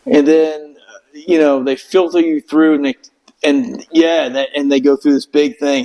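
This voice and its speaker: A man's voice: fairly high pitch, steady tone, normal speed, dark tone, poor audio. Profane storytelling middle-aged man. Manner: profane, rambling, acts out quotes in raised voices. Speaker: Marine veteran guest. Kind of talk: casual storytelling.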